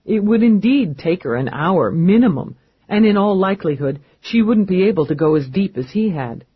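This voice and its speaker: Guy reading an audiobook, husky, kinda high voice, dry muffled sound. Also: no room sound. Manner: steady, measured storytelling. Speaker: audiobook narrator. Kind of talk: scripted narration.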